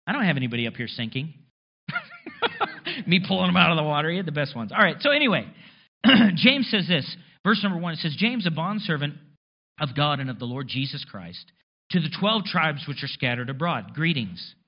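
A man preaching with a husky voice that rides high and swings up and down in pitch. He talks to his congregation, tossing in rhetorical questions and dry sarcastic asides. The recording is a little muffled and lo-fi. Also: huge pitch swings, moderate pace. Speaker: pastor. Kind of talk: sermon.

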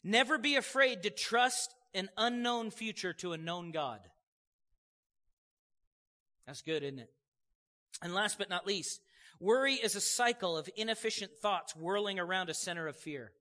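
A pastor speaks a little slowly in a high voice, leaving long pauses during his sermon in a church sanctuary. He tells his stories in an animated way and calls "amen" out to the congregation.

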